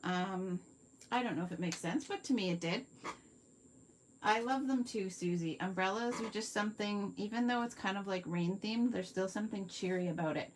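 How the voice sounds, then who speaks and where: A Canadian card-making demonstrator hosts a live craft tutorial, chatting viewers through each step at her workspace and answering their comments. She has a mid-range voice and speaks at normal speed. There is slight background noise.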